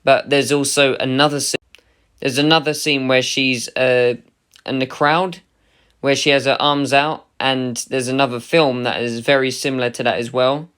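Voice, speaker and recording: A man with a smooth, clear voice at a middle pitch, talking through a casual spoken review. He sounds chatty and enthusiastic as he ranks the works he covers. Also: level tone, normal speed, fairly bright tone. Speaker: anime reviewer.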